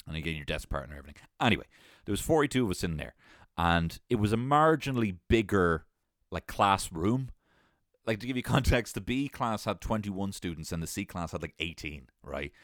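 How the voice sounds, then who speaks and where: Guy, young, animated storyteller, lively swinging pitch, dry close sound, salty language. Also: fairly quick, dry recording. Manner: animated, swearing, laughing often. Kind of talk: casual storytelling.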